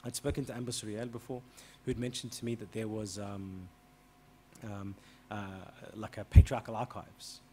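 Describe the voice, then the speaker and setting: Animated priest telling a story. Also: male voice, normal speed, a little hiss or hum. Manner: animated, re-enacts dialogue with rising pitch and volume. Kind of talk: storytelling interview answer.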